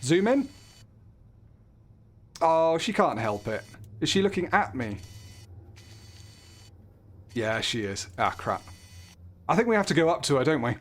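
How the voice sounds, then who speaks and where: A man's voice: on the high side, animated, measured pace, pauses often, slight background noise. A man talking through a horror game as he plays, joking, jumpy and swearing when something startles him. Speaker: gaming channel host. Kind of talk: horror game let's play commentary.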